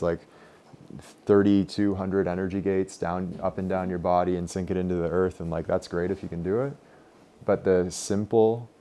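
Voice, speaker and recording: A young man leading a group meditation class in a casual, loose way, full of filler words. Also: low voice. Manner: relaxed, loose, many "like" fillers. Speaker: meditation teacher.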